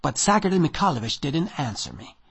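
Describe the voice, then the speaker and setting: Husky, expressive male storyteller. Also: fairly high pitch, brisk. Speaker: narrator. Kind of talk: audiobook reading of a short story.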